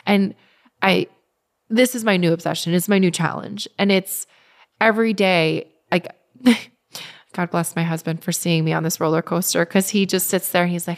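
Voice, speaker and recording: Animated chatty woman full of "like"s. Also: lowish voice, normal speed. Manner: animated, restarts often, many filler "like"s. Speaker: guest. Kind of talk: casual conversational storytelling.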